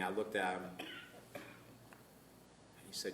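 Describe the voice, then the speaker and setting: A man, a minister, tells a personal story to a live group, animated and laughing often as he acts out dialogue. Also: lowish voice, moderate pace, pauses often, echoey room, recorded from a distance, noisy background. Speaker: minister and course teacher. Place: room filmed live.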